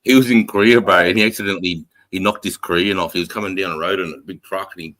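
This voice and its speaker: A man's voice: low voice, steady tone, fast, a bit bright. An Australian man telling stories in a casual livestream chat, swearing constantly, laughing often and rattling off rhyming slang. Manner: profane, laughing storyteller fond of rhyming slang. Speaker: livestream co-host.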